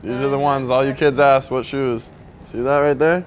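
A man's voice: mid-range voice, steady tone, brisk, a little hiss or hum. A young man vlogging in a casual, hyped way, swearing casually as he chats. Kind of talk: casual vlog chat.

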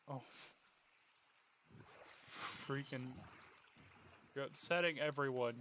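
A young man giving casual gameplay commentary, coaxing and pleading with his in-game pet, then bursting into excited yells. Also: mid-range voice, a little slow, pauses often, a little hiss or hum. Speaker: gaming YouTuber.

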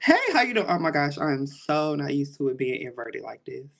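A woman's voice: deep voice, big pitch swings, a little fast, vocal fry, a little hiss or hum. A woman guest on a live stream, chatting in a friendly, giggly way. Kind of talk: casual chat.

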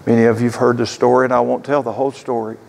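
A man's voice: mid-range voice, little pitch movement, very fast, gravelly, darkish tone. An older man in his sixties, a pastor preaching a sermon as an earnest storyteller. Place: church sanctuary. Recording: echoey church hall.

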